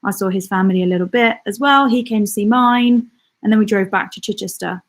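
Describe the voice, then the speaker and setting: Chatty woman hosting a live chat. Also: mid-range voice. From England, the Midlands. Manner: chatty and rambling, lots of fillers, quick laughs. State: out of breath. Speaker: channel host. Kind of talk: casual live-stream chat reading viewer comments.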